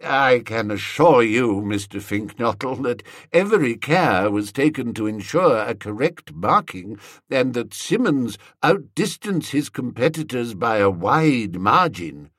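A man's voice: mid-range voice, sing-song, a little slow, fairly bright tone, no room sound, studio quality. A man voicing a weary bearded headmaster who speaks in a stiff, formal, reassuring way.

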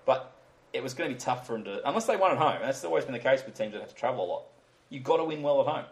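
Quick, chatty man hosting a footy podcast, jokey and rambling. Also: mid-range voice, lively intonation. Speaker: podcast host. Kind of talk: casual sports chat.

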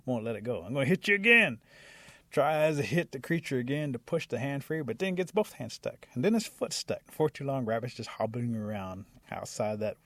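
A man telling a folktale aloud in a lively way, acting out characters with sound effects. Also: medium pitch, fairly quick, hardly any pauses, dry recording. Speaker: storyteller.

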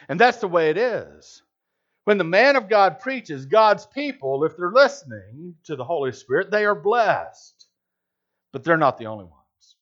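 A male pastor delivers a sermon with plenty of emphasis and rhetorical questions, his pitch swinging widely from phrase to phrase. The recording sounds a little dull and lo-fi. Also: very animated, measured pace, a bit bright.

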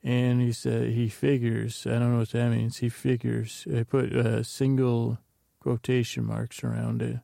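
Gravelly, low-key man recapping from notes. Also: monotone, measured pace, mellow, no room sound, studio quality. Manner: meandering, reads his notes aloud with asides. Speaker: podcast host. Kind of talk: rambling episode recap from notes.

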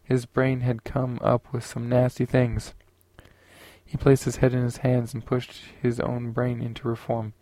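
A man narrating a science fiction audiobook in a steady, unhurried way. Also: mid-range voice, no room sound.

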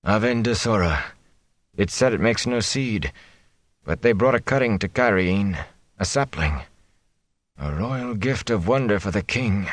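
A man's voice: fairly low pitch, expressive, unhurried, long pauses, dry recording. A man voicing a wounded older man who mutters angrily in a fever, faint and barely audible. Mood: feverish.

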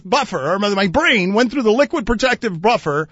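A man with a high voice hosts a sports radio show. He talks in lively, mock-indignant banter, often laughing mid-story. The studio sound is dry and a touch muffled. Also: a little fast, hardly any pauses, no room sound.

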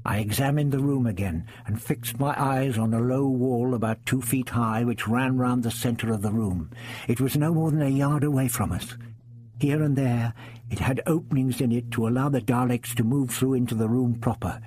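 A man reading a first-person adventure story aloud in a measured, dramatic storytelling manner. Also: mid-range voice, fairly even intonation, darkish tone, no room sound. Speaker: audiobook narrator. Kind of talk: scripted first-person narration.

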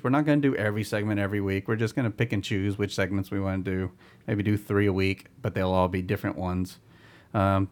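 A man with a somewhat low voice hosts a casual podcast. He talks in a relaxed, easygoing way and laughs readily while bantering with his co-hosts. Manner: relaxed, reads listener emails aloud, laughs easily. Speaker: podcast host.

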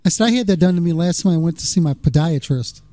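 A man's voice: a little high, animated, fast talker, dark tone, no room sound. A man co-hosting a podcast, chiming in with dry wisecracks in casual chat.

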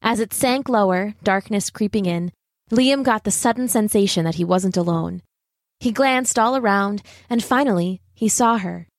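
A woman reads a children's story in a measured, gently expressive way, at a middle pitch. The recording is dry and close-miked, with no room sound around the voice. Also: no room sound. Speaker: narrator. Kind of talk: audiobook narration.

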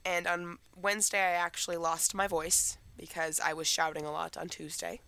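A woman's voice: fairly low pitch, little pitch movement, normal speed, bright, forceful tone. A teenage girl co-hosting a podcast, chatting in a rambling way about her week while getting over a cold. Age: teens. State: recovering from a cold. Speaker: podcast co-host. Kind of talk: casual chat.

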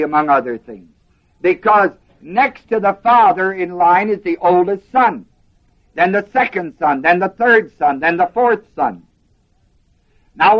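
A man's voice: high-pitched, highs cut off. A man preaching a sermon to a class, emphatic and asking them questions. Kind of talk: sermon teaching.

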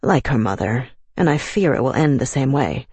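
A man's voice: medium pitch, animated, moderate pace, a little mellow, slightly rough, no echo. A man voicing a stern older Roma woman who heals horses, speaking in a grim, matter-of-fact way.

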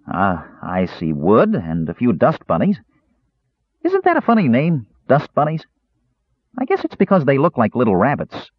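A man voicing Earwig, a small excitable kender with a childlike, bubbly and squeaky manner, in a dull lo-fi storybook reading. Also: moderate pace, breathy edge, no room sound. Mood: gleeful. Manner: bubbly, squeaky, wide-eyed. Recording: dull lo-fi recording.

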